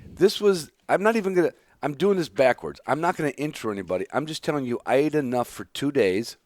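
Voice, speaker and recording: With a fairly high-pitched voice, this man from Illinois talks fast and animatedly as he hosts a casual podcast chat indoors at a hunting preserve. He rambles, cracks jokes, talks over himself and keeps restarting his sentences, and the recording has no echo.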